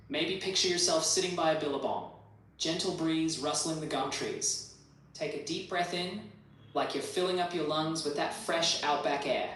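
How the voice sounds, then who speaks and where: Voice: medium pitch, fairly bright tone. Upbeat AI voice with Australian accent. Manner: upbeat, slangy, chatty. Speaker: AI voice assistant. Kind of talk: casual chat and guided meditation. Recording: roomy playback heard from a distance.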